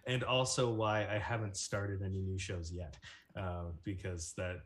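A man's voice: fairly low pitch, normal speed, a bit bright. A man, a voice actor and producer, chatting casually in an interview with lots of fillers and a self-deprecating manner.

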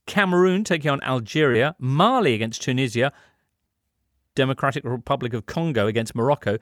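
A man hosting a sports show, brisk and chatty as he runs through results and brings in guests. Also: mid-range voice, lively intonation, fairly bright tone, dry recording, clean studio sound. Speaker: host. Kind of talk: sports radio presenting.

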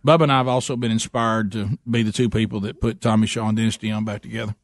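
A man's voice: lowish voice, dry recording, clean studio sound. A man hosting a radio show, talking over his co-hosts and spinning stories in casual banter. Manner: quick, talks over others, animated storytelling.

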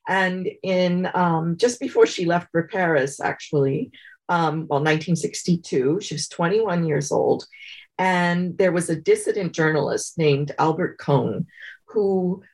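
A woman biographer being interviewed, telling anecdotes conversationally with thoughtful pauses and frequent fillers. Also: on the low side, a little mellow, rough recording. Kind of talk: conversational storytelling.

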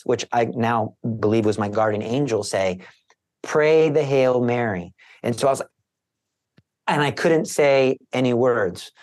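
Young male guest, middle pitch, earnest emotional testimony. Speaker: guest, Catholic evangelist. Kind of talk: personal conversion testimony.

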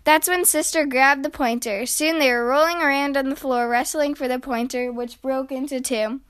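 A woman reading a children's picture book aloud in a slow, gentle, expressive way. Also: high voice, smooth. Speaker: storyteller.

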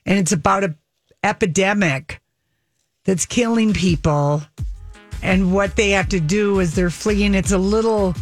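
A chatty co-host who chimes in quickly and talks up a series. The pitch is middling, and faint music sits under the talk. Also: no echo. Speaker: show co-host. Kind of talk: casual chat about TV shows.

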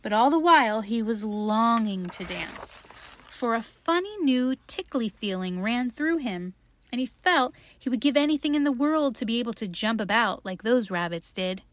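A woman reading a children's story aloud in a gentle, unhurried way. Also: a little high, expressive.

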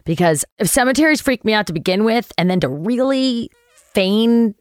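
A middle-aged actress telling a story as an interview guest, animated, swearing and acting out quotes. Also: female voice, normal speed, no room sound, studio quality. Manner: animated, acts out quotes with big pitch jumps, swears. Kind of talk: lively anecdote telling.

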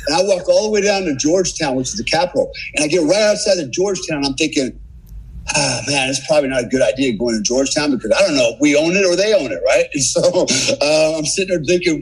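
A man in his sixties, a military veteran guest on a podcast, telling war stories in a casual, animated way and swearing freely. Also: on the high side, fast, husky, low-quality recording. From United States. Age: 60s. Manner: profane, animated war-story teller. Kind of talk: casual storytelling.

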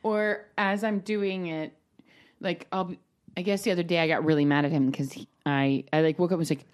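A woman's voice: lowish voice, brisk. A woman in her thirties talking casually with friends, telling stories with lots of laughter. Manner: laughing, animated storytelling. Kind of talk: casual chat among friends.

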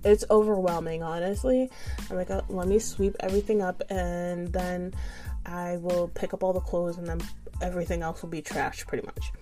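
A woman's voice: lowish voice, moderate pace, faint music behind. A young adult woman telling a frustrated storytime, swearing freely and laughing often. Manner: profane, animated, laughs often. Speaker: vlogger. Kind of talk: casual storytime monologue.

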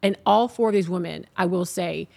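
A woman from New Orleans with a New Orleans accent, chatting casually and telling animated stories full of restarts. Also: on the low side, fairly quick, creaky. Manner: animated, tumbling restarts, storytelling. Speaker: guest, TV host. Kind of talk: casual chat.

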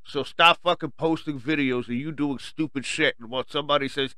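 A man rants furiously into the mic as host of his own radio show, cursing constantly and mocking the people he talks about. His voice is bright and forceful. The sound is dry and close. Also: mid-range voice, fairly quick, hardly any pauses, no room sound. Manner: angry, swearing, mocking quoted people. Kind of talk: profane rant.

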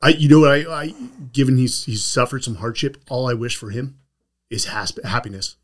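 Male host, casual interviewer, playful, mid-pitched voice. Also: brisk. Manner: joking, playful asides.

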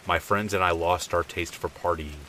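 A man telling a true scary story in calm, measured scripted narration, dropping low and quiet for the quoted lines. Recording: faint rain noise behind.

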